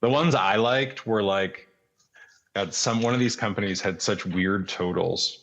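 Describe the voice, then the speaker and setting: Deep, gravelly podcast guest. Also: male voice, measured pace, a bit bright. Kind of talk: casual chat.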